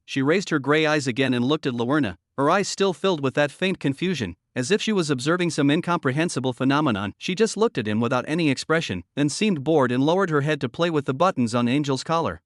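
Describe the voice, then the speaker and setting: A man narrating a scripted comic recap with a steady, even delivery. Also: on the high side, no echo, studio quality.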